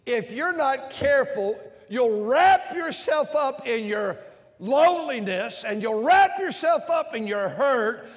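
A man preaching an impassioned sermon, swinging between shouts and quiet lines. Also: very high voice. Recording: long hall reverb.

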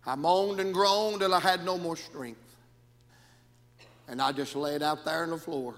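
A man preaching a sermon in a rhythmic style that swings from shouts down to near whispers. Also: fairly high pitch, fairly even intonation, unhurried, long reverb tail.

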